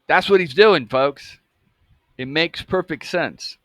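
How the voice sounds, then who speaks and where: Speaking slowly in a slightly high, somewhat bright voice, this fifties-aged man from Atlanta hosts a true-crime channel. His casual monologue is emphatic and profane, peppered with "okay?" and "folks" as he checks in with his audience. There's no room sound.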